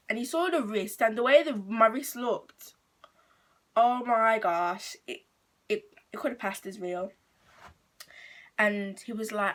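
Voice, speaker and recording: A woman's voice: medium pitch, moderate pace. Teen English girl for casual vlog storytime; chatty, rambling, unpolished delivery. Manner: chatty, rambling, full of "like" and restarts. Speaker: vlogger.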